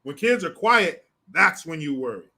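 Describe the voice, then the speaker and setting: An older man hosting a solo commentary stream, talking in a profane, mocking and animated way. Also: a little high, moderate pace. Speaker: political commentary host.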